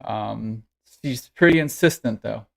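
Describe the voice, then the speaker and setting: A man's voice: lowish voice, measured pace, vocal fry, pitched below the performer's own voice. A man voicing a weary, shy dragonkin father who stammers and hesitates in a tabletop game. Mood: nervous hesitant. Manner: hesitant, stammering, full of ums.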